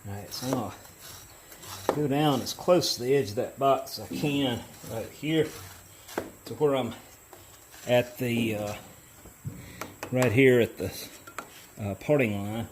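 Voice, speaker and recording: A man's voice: medium pitch, measured pace, long pauses, noisy background. A middle-aged man in a workshop, talking casually as he explains his work and drifts into storytelling. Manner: easygoing, chatty, explains as he works. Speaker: metal casting hobbyist host. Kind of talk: casual how-to narration with storytelling. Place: foundry workshop.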